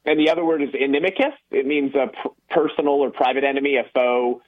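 A man's voice: mid-range voice, fast, phone-quality sound. A man explaining ideas earnestly as a guest on a radio talk show, with many ums and uhs.

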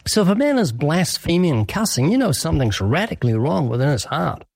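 A man's voice: fairly high pitch, big pitch swings, a little fast, creaky, a little mellow, slightly rough, dry recording, studio quality. A man speaking as an evangelist guest in an interview, earnest and emphatic, acting out short quoted exchanges. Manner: earnest, emphatic, illustrates with little acted quotes. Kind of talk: preaching interview answer.

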